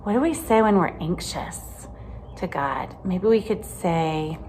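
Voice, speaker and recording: Gentle low-voiced woman teaching kids. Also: expressive, slow pace, a little hiss or hum. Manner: gentle, chatty, asks questions with many "right?"s. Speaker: children's Bible lesson teacher. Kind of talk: casual teaching to children.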